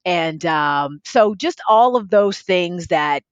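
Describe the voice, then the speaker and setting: A woman guest on a podcast interview, telling her story in a lively way and laughing often. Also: on the low side, slow pace, clean tone, no echo. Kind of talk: casual interview. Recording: slightly dull lo-fi sound.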